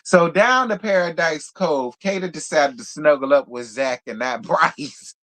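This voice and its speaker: Man, fairly high voice, sassy, blunt live recap. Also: a little slow, fairly bright tone. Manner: sassy, blunt, talks straight to viewers. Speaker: reality show reviewer. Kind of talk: live stream recap chat.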